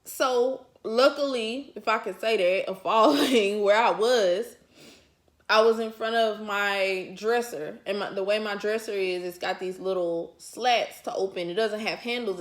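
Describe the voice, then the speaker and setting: A woman's voice: medium pitch, a little slow. A woman vlogger telling a personal story to her viewers in casual, colloquial chat, chuckling often as she talks. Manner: talks straight to the audience.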